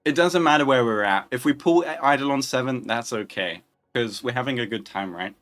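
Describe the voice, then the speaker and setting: Young male stream host, chatty and joking, average pitch, light music in the background. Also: brisk, fairly bright tone. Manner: chatty, joking, answering viewer questions. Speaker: livestream host. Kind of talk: casual livestream chat.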